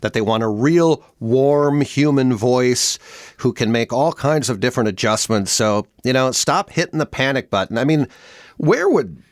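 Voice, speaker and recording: A man's voice: medium pitch, animated, normal speed, no echo, studio quality. A man hosting a podcast, talking in an emphatic, exasperated casual chat. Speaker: podcast host.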